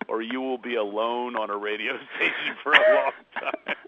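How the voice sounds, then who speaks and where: A man's voice: mid-range voice, normal speed, vocal fry, highs cut off, very noisy. A middle-aged man with a Philadelphia accent, guesting as a comedian on a radio show, firing off jokes and laughing mid-sentence. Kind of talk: joking radio interview.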